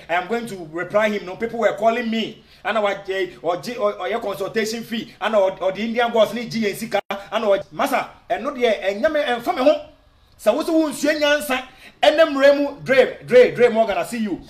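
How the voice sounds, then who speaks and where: A man's voice: sits high, reverberant. A Ghanaian man giving argumentative video commentary, switching between Twi and English and firing off rhetorical questions. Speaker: online commentator.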